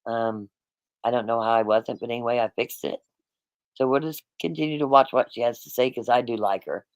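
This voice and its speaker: A man hosts a livestream and talks to his viewers in a loose, rambling way, often circling back to repeat himself. His voice sits at a middling pitch. It sounds close and dry, with no room echo. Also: fairly quick, smooth. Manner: addresses the chat directly, rambling and repetitive. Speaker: livestream host. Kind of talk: casual livestream chat.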